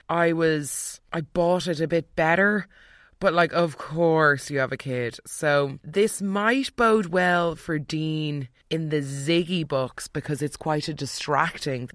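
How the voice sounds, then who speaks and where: A chatty recap host talks through the latest soap episodes in a mid-pitched voice. The talk is opinionated and casual, with quick put-on character lines dropped in. The sound is dry and close, with no room around it. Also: fairly bright tone, dry recording.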